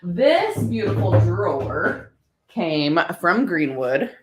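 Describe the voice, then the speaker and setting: A woman's voice: fairly low pitch, sing-song, takes it slowly, roomy sound. A woman chatting casually and upbeat to viewers about her thrift finds. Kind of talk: casual haul vlog.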